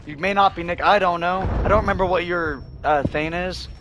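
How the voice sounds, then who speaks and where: A man streaming a video game, chatting casually and telling rambling stories, his voice going hoarse. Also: high voice, steady tone, a little fast, background noise. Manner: loose rambling storytelling, laughs often, swears freely. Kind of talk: casual livestream chat while gaming.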